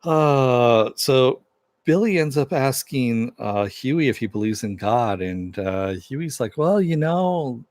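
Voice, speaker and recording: A man's voice: medium pitch, slow pace, a little mellow, no room sound. A man giving a casual recap of a TV episode, retelling it loosely with fillers and asides. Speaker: TV episode reviewer.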